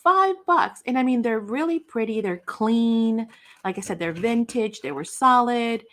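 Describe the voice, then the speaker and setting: A woman's voice: a little high, moderate pace. A middle-aged woman hosting a craft livestream, chatting casually and acting out the voices in her stories with folksy, self-deprecating asides. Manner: chatty storyteller acting out quoted dialogue. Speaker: craft channel host.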